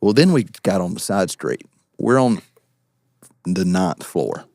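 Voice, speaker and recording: A young man, a podcast guest and actor, telling stories in an animated, casual way with frequent laughs and quick asides. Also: low voice, dry recording, studio quality. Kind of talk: casual storytelling.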